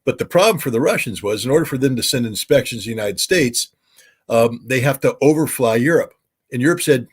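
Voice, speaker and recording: A man's voice: medium pitch, quick pace, breathy edge. A man who used to be a weapons inspector, talking as an interview guest in an emphatic way, with many uh and um fillers. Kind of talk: casual interview talk.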